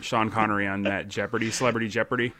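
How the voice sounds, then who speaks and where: Low-voiced teasing podcast co-host, man. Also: little pitch movement, quick pace, pushed and bright. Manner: playful, teasing. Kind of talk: casual chat.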